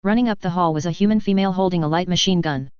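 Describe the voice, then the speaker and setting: A woman narrating a science fiction story in a steady, even reading. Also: lowish voice, rapid-fire, smooth, no room sound. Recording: slightly dull close recording.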